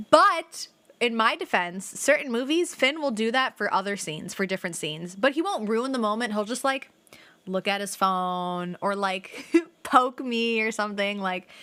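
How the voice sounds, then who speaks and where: A woman's voice: fairly high pitch, no echo. A young woman streaming a video game, rambling through casual stories with lots of "like" and the odd swear. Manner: rambling, animated storytelling with frequent "like" and swearing. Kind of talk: casual let's play chat.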